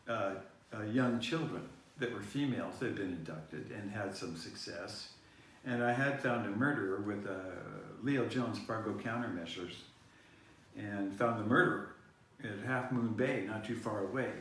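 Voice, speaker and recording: A man rambles through a personal story, circling back and restarting his sentences as he goes. He sits far from the mic in a very echoey room, and a faint hiss runs underneath. His voice sits at an ordinary middle pitch. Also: unhurried, a bit bright. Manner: meandering, many fillers and restarts. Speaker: vlog host.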